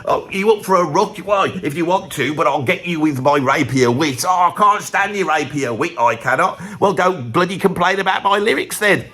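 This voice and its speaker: A man's voice: high-pitched, bright, forceful tone, pitched above the performer's own voice. A man acting out a squabble between a brash rock singer and a wordy songwriter, switching back and forth between them.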